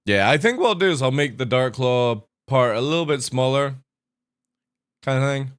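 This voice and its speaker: A male streamer chats casually with his viewers at a mid-range pitch. He rambles from thought to thought and laughs easily at his own remarks. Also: animated, normal speed, clear, resonant tone. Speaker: streamer and show host. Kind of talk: casual live stream chat.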